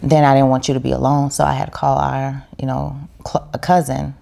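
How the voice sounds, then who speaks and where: A woman's voice: extremely low pitch, level tone, brisk, creaky, warm tone. A woman, a podcast guest, telling her story in casual chat in a heartfelt, reflective way.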